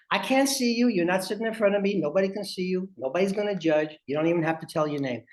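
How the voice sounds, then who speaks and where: A man who works as a family advocate, presenting a webinar and telling stories in a lively way while speaking straight to his audience. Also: high-pitched.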